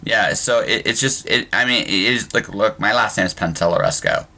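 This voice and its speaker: A man with a notably deep, low-pitched voice hosts a relaxed podcast conversation. He talks his way to each point, stumbling over restarts and doubled words as the thought forms. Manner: halting, with frequent restarts and repeated words. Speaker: podcast host. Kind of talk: casual conversational interview.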